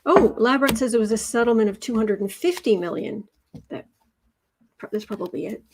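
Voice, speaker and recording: Over a noisy background, an American woman with a slightly high voice talks at normal speed while hosting a tarot livestream. She reads viewer comments aloud, chatting casually and sarcastically with mocking asides.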